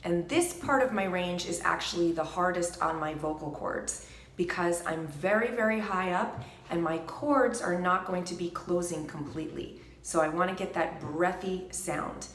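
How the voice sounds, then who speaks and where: A woman vocal coach calmly explaining a gentle singing warmup, stopping to sing short demonstration syllables. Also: on the low side, normal speed, slight background noise. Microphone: microphone. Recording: echoey room with piano.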